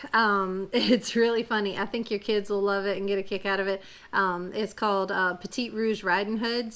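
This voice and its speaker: A woman's voice: mid-range voice, a bit bright. A woman from Louisiana talking casually to her vlog viewers. She hesitates often, with many fillers and restarts, before switching into storytelling. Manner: chatty, halting, many fillers and laughs. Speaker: family vlog host. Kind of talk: casual chat, then storytelling.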